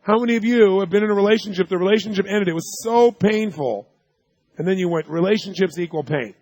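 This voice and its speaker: A man's voice: high-pitched, fast, darkish tone, no room sound. Emphatic man quizzing a seminar crowd. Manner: quizzes audience with yes-or-no questions; emphatic, storytelling delivery. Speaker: seminar speaker. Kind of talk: live seminar talk.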